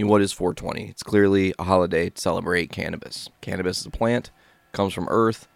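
A stoned man rambles through a casual story, laid-back and swearing freely. His voice sits very low and has a gravelly fry. The sound is dry and close. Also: fairly even intonation, brisk, no room sound. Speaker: podcast host.

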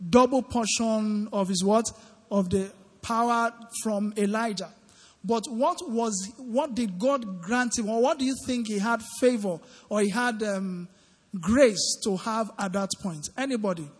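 A man's voice: high-pitched, measured pace, breathy edge. A man preaching an interactive midweek sermon into a microphone, often asking the congregation questions and waiting for their answers. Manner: questioning the congregation, call-and-response. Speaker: preacher leading a midweek Bible study. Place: large church hall. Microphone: handheld microphone. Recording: long church-hall reverb.

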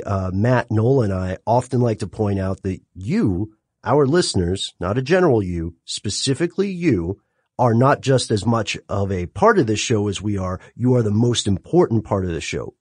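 A man co-hosting a casual podcast, talking in an animated, emphatic way and laughing often. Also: lowish voice, breathy edge, dry recording. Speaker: podcast co-host.

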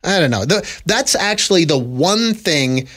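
A man's voice: fairly high pitch, lively intonation, a little slow, fairly bright tone, a little hiss or hum. A man co-hosting a podcast, chatting casually with wry, teasing humor. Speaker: podcast co-host. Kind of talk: casual chat.

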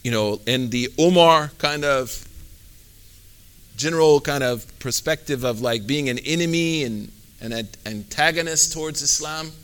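A man's voice: a little high, measured pace, a bit bright, smooth. A man, an Islamic teacher, giving a conversational religious talk, full of fillers and sprinkled with Arabic phrases.

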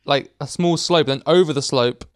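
A man's voice: fairly high pitch, moderate pace, smooth, no room sound, studio quality. A man co-hosting a casual chat podcast, telling rambling, self-mocking stories. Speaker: podcast co-host.

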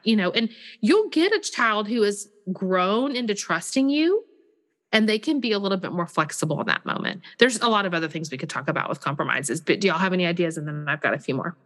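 A woman, co-hosting a parenting podcast, animated and chatty, often acting out what a parent and a child would say. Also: mid-range voice, fairly quick, big-room sound. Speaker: podcast co-host. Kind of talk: casual parenting podcast chat.

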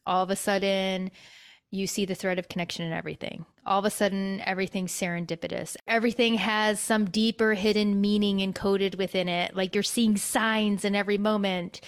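A woman's voice: medium pitch, steady tone, a little fast, clear, resonant tone. Reflective woman explaining spiritual awakening. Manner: reflective, explaining, many fillers like "you know". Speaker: podcast co-host. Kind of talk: casual spiritual podcast chat.

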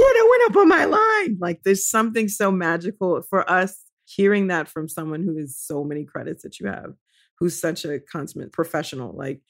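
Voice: mid-range voice, dry recording, clean studio sound. A podcast host reacting enthusiastically to a guest's story in casual chat. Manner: enthusiastic, emphatic.

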